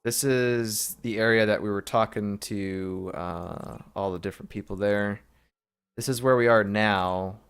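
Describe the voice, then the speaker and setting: A man's voice: on the low side, fairly even intonation, a little slow, smooth. A man casually commenting while playing a video game, reading menu items aloud half to himself in an offhand, wry way.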